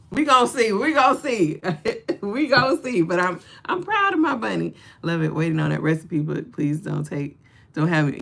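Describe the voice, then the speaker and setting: A woman's voice: sits low, creaky. A woman hosting a casual livestream, talking straight to her viewers with lots of laughter and preachy encouragement. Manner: animated, laughs often, talks straight to viewers. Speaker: livestream host.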